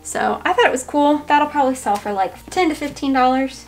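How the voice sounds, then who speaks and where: Chatty Southern woman, higher voice. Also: normal speed, hardly any pauses. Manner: chatty, thinking aloud with fillers. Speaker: reseller showing a thrift haul. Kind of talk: casual chat to camera.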